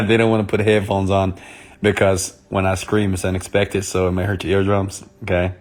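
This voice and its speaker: A man speaking softly and intimately on a live stream, greeting viewers by name as a motivational speaker. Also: deep voice, steady tone, moderate pace. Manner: soft, intimate on purpose; chatty, greets commenters by name.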